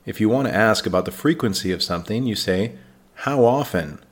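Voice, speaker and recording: A man with an American accent hosting an English-learning podcast, speaking slowly and clearly and giving example sentences for learners. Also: fairly low pitch, animated. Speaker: English teacher, podcast host. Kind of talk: scripted teaching podcast.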